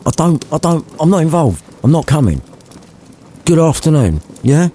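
A man voicing a crude, sarcastic old miser who swears loudly. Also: medium pitch, moderate pace, voice pushed up, lightly acted. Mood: scornful. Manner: loud foul-mouthed rants.

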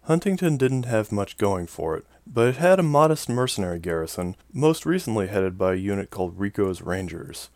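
A man narrating a science fiction story in an even, measured way. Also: on the low side, dry recording. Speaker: audiobook narrator. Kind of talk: scripted narration.

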